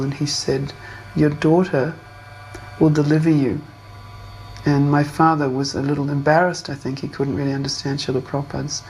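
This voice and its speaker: An older woman from Australia recalls the past in an interview, her voice gentle and unhurried. Her pitch stays flat and even as she talks. A faint hiss runs under the recording. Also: rough recording. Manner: gentle, unhurried storytelling with small fillers. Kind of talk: reminiscing interview.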